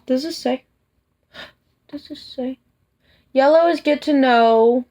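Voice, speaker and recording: A woman vlogger chatting casually to camera, soft and hesitant, tired after work. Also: sits high, slow. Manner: soft, hesitant, with many restarts and fillers. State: tired, yawning. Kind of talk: casual personal chat to camera.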